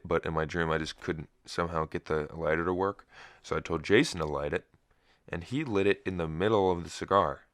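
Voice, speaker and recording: A man's voice: sits low, fairly bright tone, clear, resonant tone, dry recording, clean studio sound. A young man hosting a solo podcast, groggy and just woken up with a cracking voice, telling a rambling story with wry asides. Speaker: podcast host.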